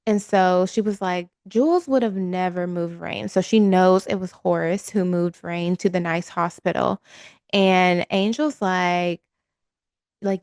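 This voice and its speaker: A woman's voice: medium pitch, normal speed, darkish tone, no echo, studio quality. A woman co-hosting a podcast, casually recapping a TV episode and quoting the characters. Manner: storytelling with quoted dialogue. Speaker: podcast co-host.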